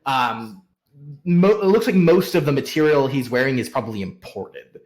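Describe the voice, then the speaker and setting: A man's voice: mid-range voice, lively intonation, normal speed, darkish tone. A man acting as game master, describing the scene in a hesitant way with many fillers. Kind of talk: narrating a tabletop game.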